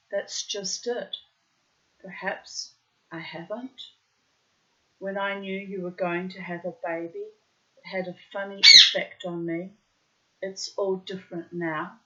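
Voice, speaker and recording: A woman's voice: medium pitch, fairly even intonation, slow pace, pauses often, pushed and bright, dull audio. A woman reading the lines of an earnest young male German soldier, pleading in her own narrating voice.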